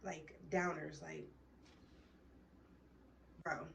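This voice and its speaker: A woman's voice: low voice, steady tone, drawn-out words, gravelly, recorded from a distance, slight background noise. A woman vlogger telling a heated, profane story straight to her viewers in a casual storytime.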